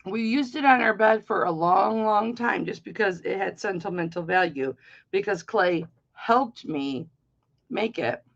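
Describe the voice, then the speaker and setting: Middle-aged woman host, chatty and rambling, slow delivery, muffled lo-fi stream sound. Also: mid-range voice, gravelly. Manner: chatty, rambling, playful storytelling. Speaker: live-stream jewelry auction host. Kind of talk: casual live-stream chat.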